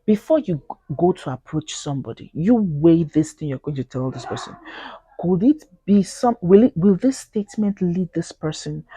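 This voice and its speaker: A woman's voice: fairly low pitch, husky, no echo. A woman with a Nigerian accent talking casually to camera in a vlog, earnest and pleading, acting out quoted people in Pidgin. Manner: animated, acts out quoted voices in Pidgin. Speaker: vlogger.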